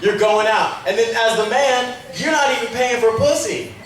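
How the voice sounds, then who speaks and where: A man's voice: extremely high pitch, moderate pace, a bit bright. A man doing a crude, rambling, profane stand-up comedy set. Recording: echoey room, mic far off.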